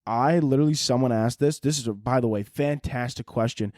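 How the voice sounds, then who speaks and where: A man's voice: mid-range voice, fairly quick, a little mellow, no echo, clean studio sound. A man hosting a solo podcast, rambling through listener questions with crude, self-mocking jokes. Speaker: podcast host.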